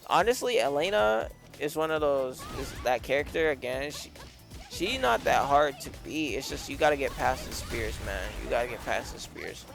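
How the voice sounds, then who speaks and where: Gravelly, cursing male game streamer. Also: lively intonation, moderate pace, soft background music. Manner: profane, rambling, swinging between low mutters and loud frustrated rants. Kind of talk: casual commentary while playing a fighting game.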